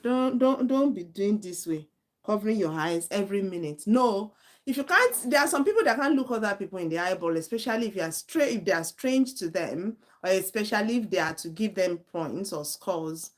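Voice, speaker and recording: A woman's voice: medium pitch, animated, a little fast. A woman in her thirties gives a live online lesson. Her manner is earnest and direct, and she repeats warnings to drive them home. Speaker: IELTS tutor.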